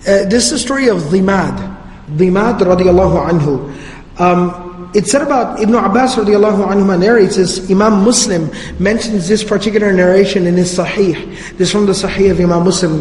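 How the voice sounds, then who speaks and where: Dude giving a chill religious story talk, high voice, super echoey hall. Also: male voice, slight background noise. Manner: conversational, slangy, animated storytelling. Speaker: lecturer. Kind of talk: casual religious story lecture. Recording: reverberant hall.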